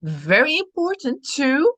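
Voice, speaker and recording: A woman co-hosting a casual spiritual chat show, speaking in a slow, drawn-out way and laughing often. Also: high voice, wildly swooping pitch, fairly bright tone, no room sound. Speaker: podcast co-host.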